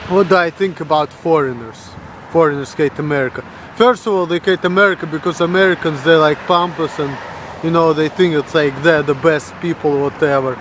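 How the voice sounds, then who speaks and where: A man's voice: a little high, fairly quick, fairly bright tone, a little hiss or hum. Blunt Russian-accented man ranting. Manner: blunt, crude, mocking the voices of others. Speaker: vlogger. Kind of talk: blunt profane rant.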